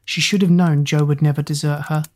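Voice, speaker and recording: A woman reading a children's adventure story aloud as narrator, steady and expressive. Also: low voice, brisk.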